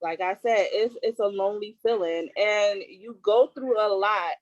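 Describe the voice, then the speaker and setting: A woman's voice: mid-range voice, unhurried, dull audio. A woman hosts a casual chat over a video call, speaking earnestly and with emphasis. The sound is dry and close, with no room echo. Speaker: host.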